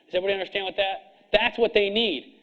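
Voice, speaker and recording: Blunt, hard-driving man with a high voice. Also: steady tone, phone-quality sound. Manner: blunt, hard-driving, preachy with rapid rhetorical questions. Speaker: chiropractor coaching other chiropractors. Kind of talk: seminar speech to an audience.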